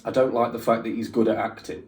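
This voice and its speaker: Low-voiced man rambling in an echoey room. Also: steady tone, fast, a little mellow. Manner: rambling, opinionated, many fillers. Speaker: reaction channel host. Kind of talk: casual reaction commentary. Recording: roomy echo, mic at a distance, faint music.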